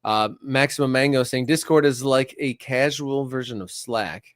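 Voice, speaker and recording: A man's voice: medium pitch, normal speed, no echo, clean studio sound. A man co-hosting a casual soccer live stream, easygoing as he reads out viewer chat. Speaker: soccer show co-host.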